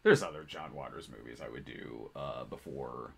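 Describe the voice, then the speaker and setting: A man's voice: very deep voice, normal speed, gravelly, a bit bright, husky. A man co-hosting a livestream, reading viewer questions and rambling casually with lots of fillers. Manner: rambling, filler-heavy, laughs often.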